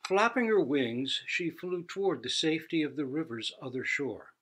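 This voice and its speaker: A man who teaches Zen, telling a fable slowly and expressively. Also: a little high, husky. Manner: slow, expressive storytelling. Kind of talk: storytelling talk.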